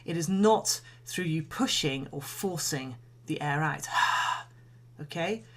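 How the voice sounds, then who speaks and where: A woman singing coach giving a calm, measured voice lesson, explaining and demonstrating breathing exercises. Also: low voice. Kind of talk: instructional voice lesson.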